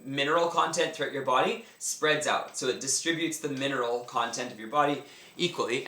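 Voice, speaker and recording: A man's voice: mid-range voice, sharp tone. A man teaching yoga breathing exercises in a casual, enthusiastic way, talking through each movement as he does it. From Canada. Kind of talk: instructional talk. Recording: echoey room, mic at a distance.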